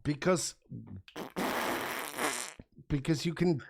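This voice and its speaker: A man's voice: a little high, steady tone, drawn-out words, a little mellow, no echo, studio quality. A man co-hosting a livestream, rambling and profane with mock indignation. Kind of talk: heated livestream banter.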